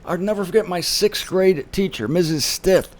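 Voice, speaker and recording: A man's voice: high voice, normal speed. A man hosting his own show, telling a story in an emphatic monologue and acting out the people he quotes. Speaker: show host. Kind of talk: casual monologue.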